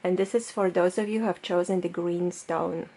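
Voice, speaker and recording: A woman's voice: on the low side, steady tone, normal speed, mellow. A woman tarot reader doing a pick-a-card reading straight to the camera. She talks in a loose, reassuring way, with lots of fillers.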